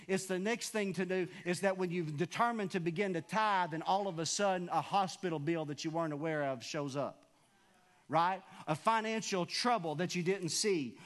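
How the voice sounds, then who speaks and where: A pastor preaching a sermon in a church, with emphatic repetition and questions to the congregation. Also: male voice, high voice, moderate pace. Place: church sanctuary.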